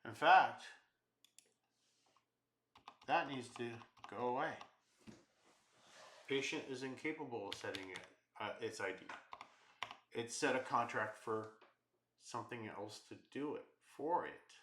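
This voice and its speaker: A man's voice: mid-range voice, measured pace, pauses often, roomy sound, noisy background. A man teaching programming, thinking aloud and muttering as he works through errors in a live coding walkthrough. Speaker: programming instructor.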